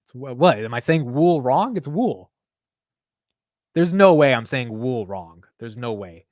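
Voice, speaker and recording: A man's voice: mid-range voice, lively intonation, unhurried, darkish tone, dry recording. A young man hosting a casual stock market livestream, chatting loosely, swearing and laughing at himself while reading chat aloud.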